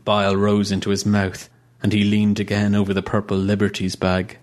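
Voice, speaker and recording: A man reading a story aloud in a steady, even storytelling manner. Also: lowish voice, normal speed. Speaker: narrator. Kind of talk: scripted audiobook narration.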